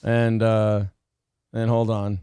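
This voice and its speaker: A man's voice: on the low side, monotone, slow, warm tone, clean tone, no room sound. A slightly drunk man hosting a casual live stream, rambling and fumbling with lots of fillers. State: a little drunk. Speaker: podcast host.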